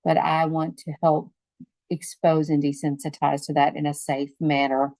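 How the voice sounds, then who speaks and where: A woman's voice: low voice, normal speed, no echo, rough recording. A middle-aged woman, a grandmother and podcast guest, telling family stories in casual conversation and acting out the quotes. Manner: animated, acts out quotes in the story.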